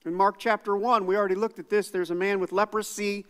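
A man's voice: high-pitched, level tone, fast talker, fairly bright tone, big-room sound. A man preaching a sermon as pastor, conversational and self-deprecating, with casual asides to the congregation. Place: church sanctuary.

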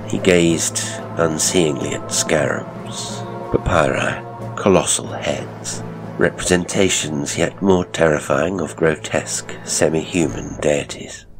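A man narrating a strange horror story in a measured, deliberate way. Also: very deep voice, slightly rough.

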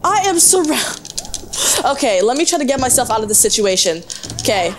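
A young woman with a fairly high, expressive voice hosts a gameplay segment, talking quickly as she plays. She reacts in panicky bursts, yelping and tossing out laughing asides in excited commentary. Game music plays behind her voice, and there's some background noise.

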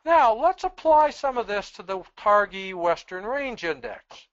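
A presenter giving a webinar lecture on sheep breeding in a measured, explanatory, plain-spoken way. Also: mid-range voice, sing-song, no echo, muffled recording.

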